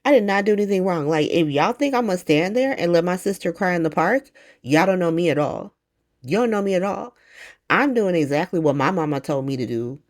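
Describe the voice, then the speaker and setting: A woman's voice: fairly low pitch, expressive, a little fast, lightly acted. A woman voicing a stubborn teenage boy who insists he did nothing wrong. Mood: defiant. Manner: insistent, defiant.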